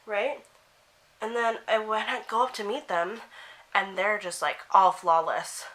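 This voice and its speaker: Bright-voiced chatty teen girl vlogger. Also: medium pitch, moderate pace. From Canada. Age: teens. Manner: animated, swearing, acting out quotes of friends. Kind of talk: chatty get-ready-with-me storytelling.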